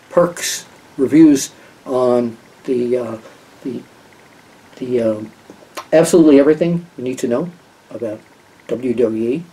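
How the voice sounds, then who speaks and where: A man's voice: medium pitch, warm tone, breathy edge. Older man rambling from a distance. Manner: rambling, with many fillers and restarts. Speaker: wrestling journalist giving match picks. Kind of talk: casual talk to camera.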